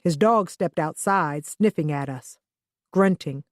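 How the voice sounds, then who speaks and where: A woman reading a first-person thriller audiobook in a steady, even manner. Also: low voice, takes it slowly, no room sound, studio quality. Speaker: audiobook narrator.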